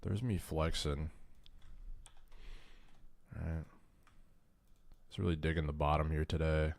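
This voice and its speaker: A man's voice: a bass voice, fairly even intonation, takes it slowly, creaky. A man hosting a casual trading livestream, talking loosely and cursing, stumbling over his words as he walks through charts. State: tired, short on caffeine. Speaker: trading stream host.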